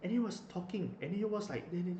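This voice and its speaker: A man's voice: high-pitched, lively intonation, a little fast, dark tone. A young man, telling a story in a rambling casual way with many fillers and restarts. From Malaysia. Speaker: vlogger. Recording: echoey room, faint noise.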